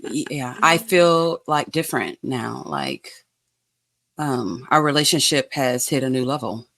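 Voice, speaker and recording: A woman co-hosting a podcast, chatting casually about reality TV with teasing remarks and quick agreement. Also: rumbling low, vocal fry, a bit bright. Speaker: podcast co-host. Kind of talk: casual reality TV recap chat.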